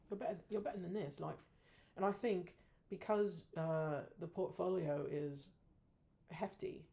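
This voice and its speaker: Woman trader, casual self-review, gravelly and mellow-toned, blunt and frustrated with herself. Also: on the low side, steady tone, a little slow.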